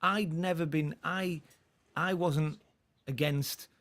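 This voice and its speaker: A man's voice: on the high side, steady tone, slow, a bit bright. A man in his forties, a comedian guest, telling a personal story in a rambling way, with many restarts and laughs. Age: 40s. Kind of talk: relaxed storytelling in conversation.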